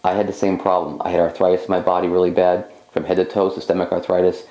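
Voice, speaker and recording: A man, a psychic medium, telling his own experience as an animated personal testimony, acting out what he said at the time. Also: low-pitched, quick pace, dull audio. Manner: animated storytelling, reenacting his own speech. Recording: roomy echo with faint background hum.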